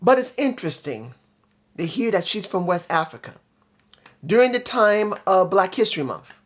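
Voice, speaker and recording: A man with a high, sing-song voice and a fairly bright tone hosts his own channel, talking at a normal pace. He gives a casual spoken review that is blunt and emphatic, laced with dry sarcasm, and he often circles back to repeat his points.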